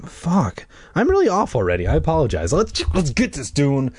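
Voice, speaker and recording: A man reading a story aloud in a lively way, breaking off for irreverent, swearing jokes. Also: a little high, moderate pace, husky, dry recording. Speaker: reader. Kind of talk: comedic book reading with asides.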